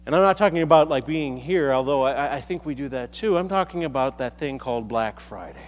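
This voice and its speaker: A man's voice: medium pitch, lively intonation, brisk. An American man preaching a sermon in a large hall, conversational and self-deprecating, with frequent restarts. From United States. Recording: echoey hall.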